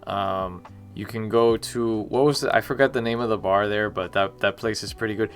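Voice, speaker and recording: A man voicing a brash young Miami bro with a Miami accent, talking loud and slangy, full of "like" and "bro". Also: on the low side, steady tone, moderate pace, soft background music, natural voice. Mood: swaggering.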